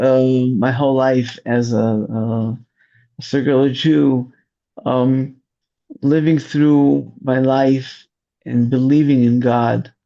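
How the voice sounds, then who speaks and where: A man who commands rescue volunteers, telling his story slowly in an interview and searching for his words. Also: mid-range voice, gravelly, warm tone. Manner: slow, searching storytelling with restarts. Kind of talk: interview testimony. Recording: dull lo-fi audio.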